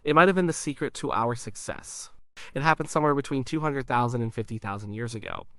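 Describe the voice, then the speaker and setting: A man reads an educational explainer in a measured, scripted way. His voice sits at an ordinary middle pitch. The recording is dry and close, with no room sound. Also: dry recording. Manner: explains calmly, sounds out syllables as examples. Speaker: narrator.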